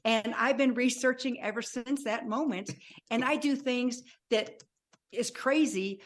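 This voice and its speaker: An older woman in her sixties tells her own story as a guest, her somewhat high voice lively and expressive. She slips into the voices of the people she remembers as she goes. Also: unhurried. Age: 60s. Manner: animated, acts out remembered dialogue. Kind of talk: personal storytelling.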